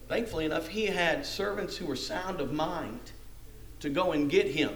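A middle-aged man preaching a sermon, telling a story with lively rhetorical questions. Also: on the high side, normal speed, a little hiss or hum.

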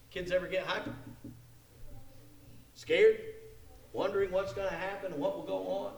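High-voiced preacher man, loud then hushed. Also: moderate pace, pauses often. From Kansas. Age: adult with kids. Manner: swings between loud emphatic passages and quiet intimate asides. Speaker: pastor. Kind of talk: sermon.

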